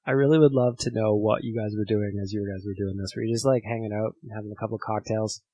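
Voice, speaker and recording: Male podcast host, casual and amused, husky voice, dry close mic. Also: on the low side, fairly even intonation, fast, warm tone, dry recording, lo-fi sound.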